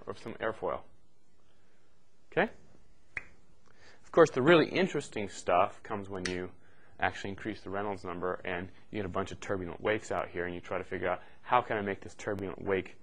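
A man's voice: lowish voice, fairly bright tone. Casual man lecturing a class. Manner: casual, joking asides, frequent "okay" and "right". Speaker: university lecturer.

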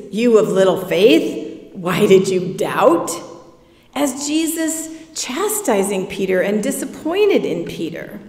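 Speaking reflectively and conversationally, a woman pastor gives a sermon in a church sanctuary. She has a high, somewhat mellow voice, and the distant recording carries the echo of the church hall.

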